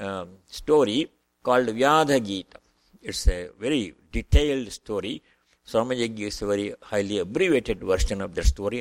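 A man giving a measured, reflective spiritual talk, reading aloud from a book and pausing now and then to restart a phrase. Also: medium pitch, no room sound. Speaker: spiritual teacher.

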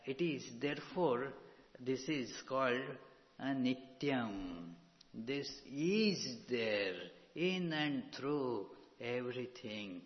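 A man giving a slow, measured scripture lecture into a microphone, pausing often with fillers. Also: medium pitch. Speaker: spiritual teacher. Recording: dull hall recording with long reverb.

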